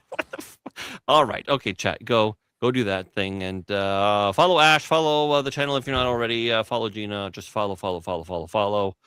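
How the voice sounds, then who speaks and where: A man's voice: lowish voice, moderate pace, clean tone, no room sound, studio quality. A man co-hosting a streamed talk show, joking and swearing freely. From Canada. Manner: animated, profane, joking. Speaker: stream co-host. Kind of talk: casual streamed chat.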